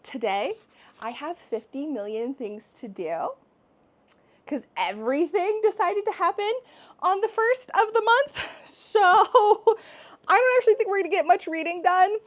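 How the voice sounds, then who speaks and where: A woman's voice: very high-pitched, measured pace. A young woman chatting casually in a book vlog, giggly and rambling, with faint music underneath. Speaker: book vlogger.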